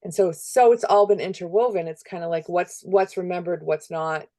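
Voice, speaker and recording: A woman's voice: on the low side, moderate pace, dark tone. A woman chatting on a podcast, thinking aloud and restarting her sentences often. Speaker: podcast co-host or guest. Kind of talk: casual podcast chat.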